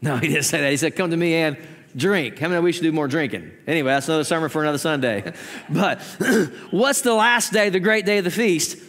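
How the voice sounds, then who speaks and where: A man preaching a sermon as pastor, telling the story with jokes and sudden shouted lines. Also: fairly high pitch, fairly quick. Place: church sanctuary. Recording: long church hall reverb.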